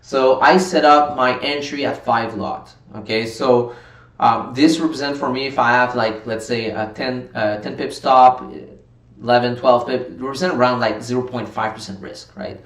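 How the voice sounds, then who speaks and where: A man's voice: medium pitch, fairly even intonation, normal speed, a bit bright. Guy doing casual trading livestream talk, reads chat and riffs on it, echoey room, mic kinda far. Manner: reads viewer chat aloud and reacts, gets worked up. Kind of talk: casual live-stream commentary. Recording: roomy sound from a distant mic.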